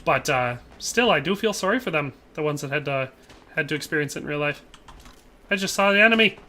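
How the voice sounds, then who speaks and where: Bright, chatty man streaming a game. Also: on the high side, expressive, fairly quick. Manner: chatty, rambling, tacks on playful tag phrases. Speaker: live streamer. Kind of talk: casual gameplay commentary while reading chat.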